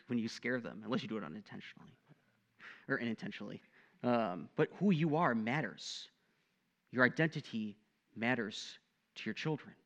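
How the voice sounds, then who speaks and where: A young man preaching a sermon in a conversational, animated way, often tossing in "right?" to the listeners. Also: mid-range voice. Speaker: pastor.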